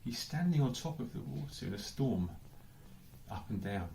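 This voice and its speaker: A man's voice: medium pitch, expressive, normal speed, creaky, warm tone, slight background noise. An English man giving a sermon as pastor, thinking aloud with lots of questions and repeated "I don't know"s. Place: church hall. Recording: echoey church hall.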